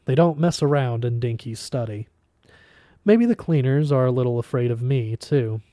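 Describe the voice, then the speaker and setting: A man reading a story aloud in a relaxed, casual way, now and then stumbling and starting a phrase over. His voice is mellow and dark. The recording is close and dry. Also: mid-range voice, normal speed, no room sound. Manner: casual reading with small slips and restarts. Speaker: audiobook reader.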